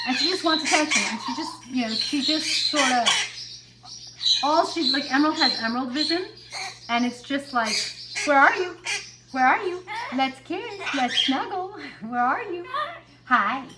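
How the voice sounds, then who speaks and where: A woman's voice: high-pitched, heavy background noise. A woman vlogging casually about her pet parrots, talking with fillers and self-corrections. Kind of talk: casual chat to camera.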